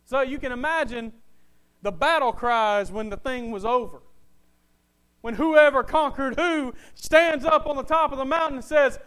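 A man preaching a sermon with passion, swinging from quiet to loud and repeating phrases for emphasis. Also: very high-pitched, moderate pace, clean tone.

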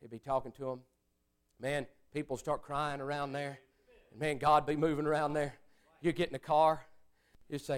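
A preacher delivering a sermon, swinging between loud exclamations and hushed prayer-like speech. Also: male voice, on the high side, little pitch movement, normal speed, smooth.

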